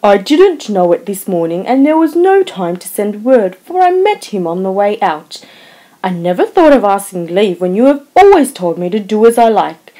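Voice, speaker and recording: A woman's voice: a little high, sing-song, unhurried, darkish tone. A woman reading an audiobook, voicing an anxious young husband who speaks in an urgent, reassuring way. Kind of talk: audiobook character voice.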